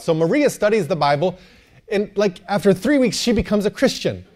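Lively male pastor, higher voice, joking preaching style. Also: a little fast. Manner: animated, joking, calls for amens. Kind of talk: sermon.

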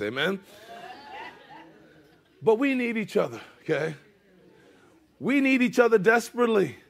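A man's voice: sits high, animated, fairly quick, long pauses. A middle-aged man preaching a conversational sermon as pastor, often asking the congregation "amen?" and dropping casual asides.

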